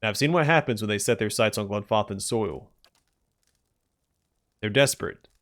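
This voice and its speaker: A man reading out the lines of a proud, grim old male tribal chieftain in a stern, measured way. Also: fairly low pitch, a bit bright, close to an everyday voice.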